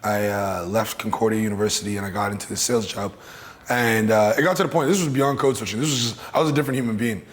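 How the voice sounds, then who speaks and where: Deep raspy-voiced man in a reverberant room. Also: fast. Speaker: actor and comedian. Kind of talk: interview.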